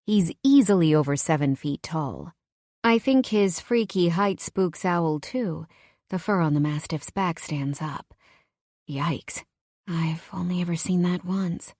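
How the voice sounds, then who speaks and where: Casting: woman narrator, low-pitched, wry first-person romance read, close dry studio sound. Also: unhurried, no echo. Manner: wry, conversational, expressive. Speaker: audiobook narrator.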